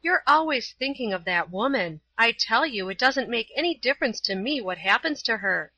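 Stubborn sulky schoolgirl, read by a woman, indignant whiny tone, bright voice. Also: medium pitch, lively intonation, moderate pace, no room sound, highs cut off. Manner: indignant, complaining. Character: young schoolgirl, stubborn and resentful. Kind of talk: storybook reading.

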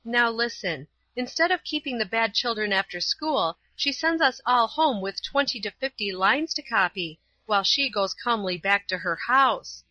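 A woman's voice: a little high, animated, normal speed, hardly any pauses, sharp tone, no room sound, dull audio, voice pushed up. A woman voicing a stubborn, resentful young schoolgirl in a storybook reading, complaining indignantly.

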